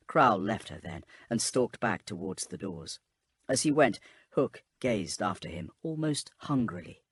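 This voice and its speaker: A man reads a sci-fi audiobook in a calm, steady bedtime manner. His voice is husky, and his pitch moves in a lively way as he tells the story. The recording is dry and close. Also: unhurried, no echo. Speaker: audiobook narrator.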